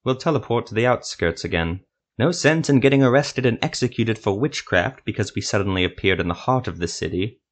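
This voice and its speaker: A man's voice: on the low side, animated. A man voicing Ethramel, an irritable, sarcastic sorcerer who snaps and curses. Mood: decisive. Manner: snapping, sarcastic, quick to curse.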